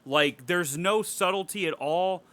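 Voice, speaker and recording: A man's voice: sits high, measured pace, fairly bright tone. A young man co-hosting a casual podcast film review, ranting animatedly with plenty of profanity and laughter. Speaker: podcast co-host.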